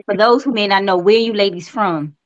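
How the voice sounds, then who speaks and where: A woman's voice: medium pitch, lo-fi sound. A woman with a New York accent from Brooklyn, a podcast co-host with a playful, teasing way of talking. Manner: playful, teasing, quick to laugh. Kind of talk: casual interview chat.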